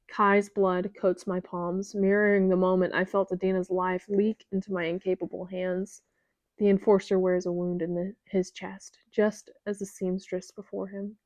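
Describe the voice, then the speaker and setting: Woman, audiobook narrator, first-person fiction, emotive dialogue, dry close recording, mid pitch. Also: darkish tone, dry recording. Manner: emotive, voicing her lines with raw intensity.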